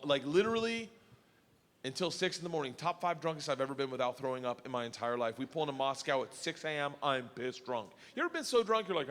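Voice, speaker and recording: A man telling a story as a stand-up comedian, animated and bursting into loud shouted punchlines. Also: mid-range voice, quick pace, long reverb tail.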